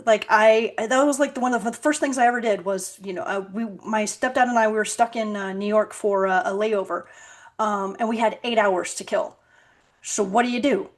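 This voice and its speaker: A woman's voice: mid-range voice, normal speed. A woman hosting a podcast, telling stories with acted-out quotes and frequent laughter. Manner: animated storyteller, acts out quotes, laughs often. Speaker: podcast host. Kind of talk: casual podcast chat.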